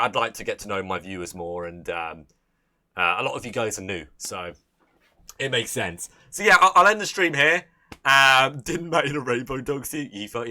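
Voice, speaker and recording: In a casual livestream, a young man with an English Midlands accent and a lowish, bright, forward voice talks freely to viewers. He meanders, curses without restraint, and trips over himself restarting sentences.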